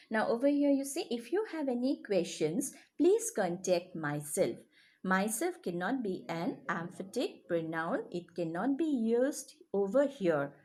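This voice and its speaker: A woman teacher explaining grammar to children, checking often that they follow. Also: mid-range voice. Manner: lively, checks understanding often.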